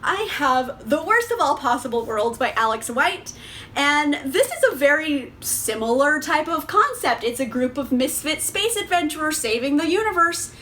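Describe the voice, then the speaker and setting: A young woman with a high voice rants through a casual book review, exasperated and animated, swearing freely. A faint hum of room ambience sits behind her. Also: moderate pace.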